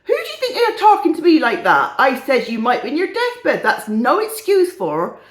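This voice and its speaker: A woman voicing a rude, bossy old lady who scolds in a shrill voice. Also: wildly swooping pitch, moderate pace, reverberant. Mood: indignant.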